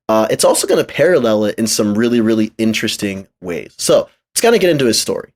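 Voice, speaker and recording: A man co-hosting a podcast, narrating a story and then chatting casually, with plenty of fillers. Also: on the low side. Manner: relaxed, with frequent fillers and laughter. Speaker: podcast co-host.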